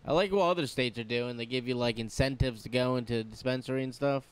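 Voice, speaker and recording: A man's voice: mid-range voice, fast talker, smooth. A man telling stories casually in an easygoing way, laughing as he talks. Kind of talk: casual storytelling.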